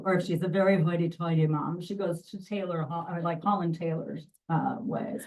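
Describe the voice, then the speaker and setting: A woman narrator talks to a room about her craft in a lively, chatty way, her voice sitting a little low. She is picked up from a distance, so the sound is somewhat removed. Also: normal speed, few pauses, narrow, tinny audio. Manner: lively, chatty, jumps into voice demos. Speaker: audiobook narrator. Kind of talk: presentation to an audience.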